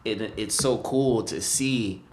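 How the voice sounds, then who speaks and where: A man's voice: lowish voice, slow pace, darkish tone. A man co-hosting a podcast, talking in a laid-back, slangy way and reacting often. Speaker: podcast co-host. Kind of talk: casual chat. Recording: echoey room with faint background noise.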